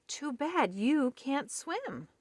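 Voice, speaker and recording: A woman's voice: sits high, big pitch swings, very slow, a little mellow, dry recording, voice pushed up, heavily acted. Smug storybook raccoon, voiced by a woman. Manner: teasing, dismissive. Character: smug male raccoon friend.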